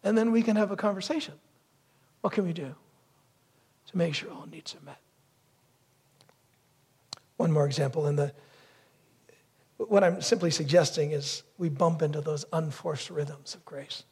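Gravelly-voiced man preaching a sermon. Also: fairly high pitch, moderate pace, long pauses, a little mellow. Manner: storytelling, acts out wife's lines and crow caws. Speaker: pastor.

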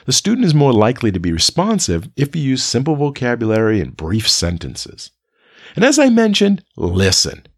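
A man with a slightly husky voice gives an instructional talk to fellow teachers, calm and explanatory. His pitch moves a lot as he stresses points, and the recording is dry and close, with no room sound. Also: moderate pace, dry recording. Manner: calm, explanatory, with rhetorical "right?" checks.

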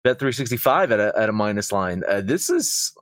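A man hosting a sports betting show, talking in a casual, animated way with frequent swearing and emphatic outbursts. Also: lowish voice, brisk, no room sound, clean studio sound. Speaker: sports betting podcast host.

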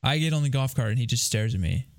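A young man casually telling a long, profane, self-deprecating story on a podcast, full of quick asides. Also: mid-range voice, lively intonation.

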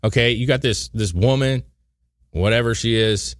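A man co-hosting a casual political chat, blunt and animated, who swears and drags out key words. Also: mid-range voice, moderate pace, no echo, studio quality. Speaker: podcast co-host.

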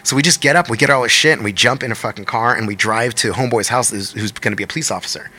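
A man, a musician, telling a story in a fast, animated podcast chat, with lots of swearing. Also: medium pitch. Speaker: guest musician.

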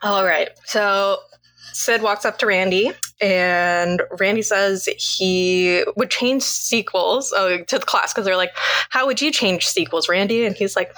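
A woman from Canada co-hosts a casual film podcast, laughing often as she walks through scenes from her notes. Her voice is bright and forward. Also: medium pitch, fairly even intonation, slow. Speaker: podcast co-host. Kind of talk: casual movie recap chat.

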